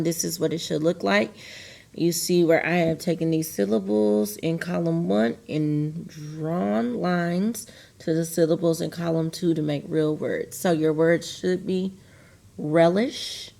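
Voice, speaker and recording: A woman teacher giving a recorded virtual phonics lesson, patient and repetitive, slowly drawing out words for her students. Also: fairly low pitch, gravelly, darkish tone. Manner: patient, repeats key phrases and stretches words out for students.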